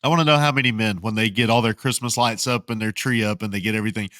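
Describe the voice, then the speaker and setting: Bright-voiced man chatting on a podcast. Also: on the low side, steady tone, very fast, no echo. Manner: laughs often, quotes film lines. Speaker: podcast co-host. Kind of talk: casual chat.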